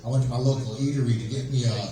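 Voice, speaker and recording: A man doing a novice stand-up comedy set, telling deadpan stories with acted dialogue. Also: medium pitch, racing. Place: open mic at a small venue. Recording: echoey room, far from mic, crowd noise.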